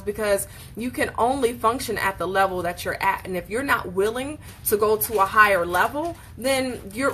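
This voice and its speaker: A woman hosting a casual motivational book discussion, speaking in an emphatic, animated, preacherly way. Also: mid-range voice, a little hiss or hum. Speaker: host leading a book discussion.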